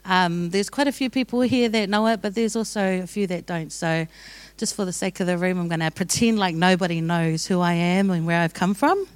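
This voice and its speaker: A woman's voice: fairly low pitch, brisk, no echo. A young woman sharing her testimony with a church gathering in a casual, joking way, often laughing as she talks. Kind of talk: sermon testimony.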